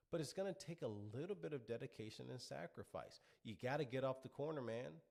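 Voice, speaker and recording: A man's voice: mid-range voice, lively intonation, a little fast, gravelly, hardly any pauses, a little mellow. A middle-aged man delivering an opinionated monologue, lecturing his listeners and piling up rhetorical questions. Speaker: commentary show host.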